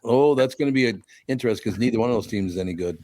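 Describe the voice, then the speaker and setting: A man's voice: mid-range voice, rapid-fire, dark tone. A man hosting a radio show, trading wisecracking, self-mocking banter with his co-hosts.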